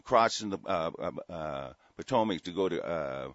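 A man hosting a talk show, delivering an angry, profane political rant in a heated, forceful way. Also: sits low, expressive, moderate pace, dry recording. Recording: dull, dry lo-fi sound.

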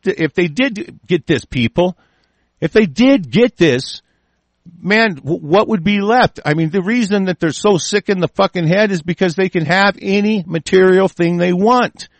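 A high-pitched man hosting an online political broadcast goes on an angry, profane rant, heated and repetitive, restarting and repeating himself. There's no room sound in the recording.

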